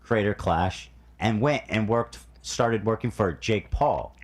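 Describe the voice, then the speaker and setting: A man's voice: lowish voice, slow. A man hosting a casual podcast interview, asking probing follow-up questions. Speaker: podcast host.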